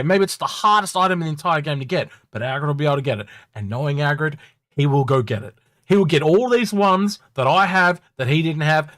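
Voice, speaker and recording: Guy co-hosting a gaming chat, animated, laughs a lot, dry close mic. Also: on the high side, dry recording. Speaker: co-host. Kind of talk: casual chat.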